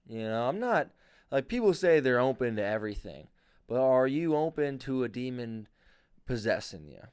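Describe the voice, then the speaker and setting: A man's voice: mid-range voice, clear, resonant tone, no room sound, clean studio sound. A young man hosting a podcast alone, rambling in a crude, jokey way. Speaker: podcast host. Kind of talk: casual solo monologue.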